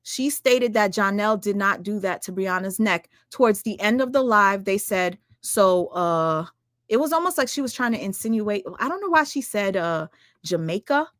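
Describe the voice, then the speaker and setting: A woman's voice: medium pitch, expressive, a bit bright, no echo, studio quality. Fiery woman ranting on a livestream. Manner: rapid, emphatic, swears a lot, fires rhetorical questions at viewers. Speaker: livestream commentator. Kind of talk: heated livestream rant.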